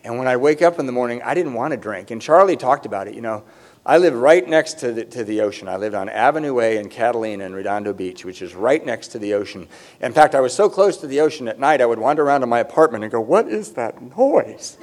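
A man's voice: medium pitch, fast talker. A middle-aged man telling his recovery story with humor, candid and self-deprecating. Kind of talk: personal testimony with humor.

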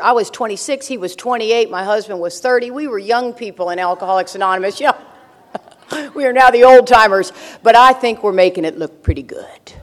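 An older woman speaking at a recovery meeting, telling stories with brash, joking humor and frequent laughter. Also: mid-range voice. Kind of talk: humorous storytelling talk to an audience.

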